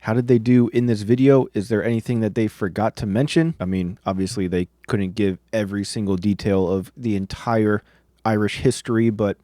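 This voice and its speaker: A man from the United States reacts to a video in a chatty, enthusiastic way. His voice sits low, and the recording is dry, with no room sound. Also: fairly quick, dark tone, dry recording. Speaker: reaction channel host. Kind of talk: casual reaction commentary.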